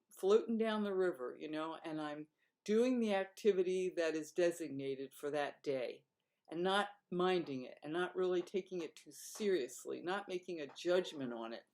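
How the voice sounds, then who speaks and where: A woman with a low voice talks through her day in a casual vlog diary. She rambles, stops to correct herself and muses as she goes. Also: darkish tone. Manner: rambling, self-correcting, reflective. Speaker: vlogger.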